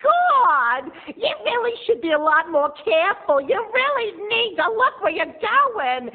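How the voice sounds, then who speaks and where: A man's voice: very high-pitched, big pitch swings, a little slow, voice pushed up, exaggerated voice. A man voicing a snobby young woman who shrieks in indignation over spilled coffee. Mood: shrieking indignant. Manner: shrieking, indignant, later icy sarcastic. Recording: tinny phone-like lo-fi audio.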